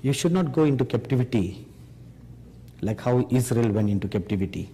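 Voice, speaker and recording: A man preaching a sermon, slow and emphatic, pressing his listeners with rhetorical questions. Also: medium pitch, expressive, mellow, a little hiss or hum. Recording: long hall reverb.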